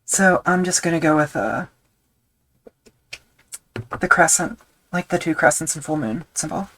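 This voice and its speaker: On a live stream, a woman casually talks while tooling leather, rambling, self-deprecating and thinking aloud with fillers. Her low voice is expressive, a little slow and fairly bright, on a low-quality recording with slight background noise.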